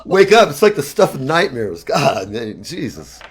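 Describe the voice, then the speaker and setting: A man in his fifties telling rambling personal stories in casual chat, animated and profane, often laughing. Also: on the high side, moderate pace. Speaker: talk show guest.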